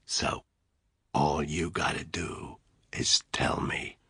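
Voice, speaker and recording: A man voicing a menacing soldier, low and husky. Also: expressive, measured pace, no echo, studio quality, exaggerated voice. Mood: deathly quiet. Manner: menacing, mocking, quietly threatening. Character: ruthless male special forces soldier interrogating a captive.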